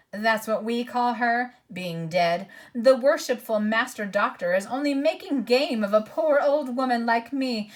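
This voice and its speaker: Woman doing a whiny, wheedling old hag, shrill and fawning, storybook. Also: natural voice.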